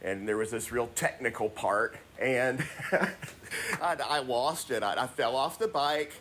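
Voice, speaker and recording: Relaxed man telling a story. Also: mid-range voice, a little slow, a little hiss or hum. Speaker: podcast caller. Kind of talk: casual anecdote.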